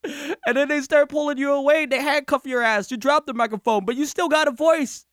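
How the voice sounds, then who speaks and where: A man's voice: very high voice, fairly quick, dry recording, clean studio sound. A man hosting a podcast, telling a comic story in casual slang and laughing often. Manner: animated, laughs often, slangy, jumps into shouted quotes. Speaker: podcast host.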